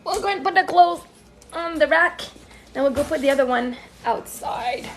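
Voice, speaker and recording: A woman life coach on a livestream from home, thinking aloud with sudden excited outbursts and cooing at her puppy. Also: high voice, normal speed, roomy sound, far from the mic, a little hiss or hum. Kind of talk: livestream self-reflection. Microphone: phone.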